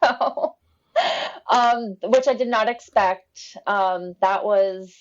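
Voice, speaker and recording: A woman telling her own story casually on a podcast, animated, acting out what people said with lively voice changes and frequent laughs. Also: mid-range voice, slow, lo-fi sound.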